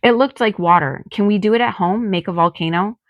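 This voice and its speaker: A woman's voice: medium pitch, fairly quick, no echo, highs cut off, voice pushed up, lightly acted. Give me an eager little girl chattering about school, read by a woman. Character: excited little girl, second grader.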